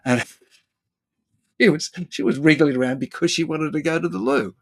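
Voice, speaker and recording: Guy therapist chatting, keeps acting out what people say, lots of ums and restarts. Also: normal speed. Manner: animated, acts out other people's lines with jumps in pitch; thinks aloud with fillers and repeated words. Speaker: therapist and guest. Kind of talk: conversational explanation.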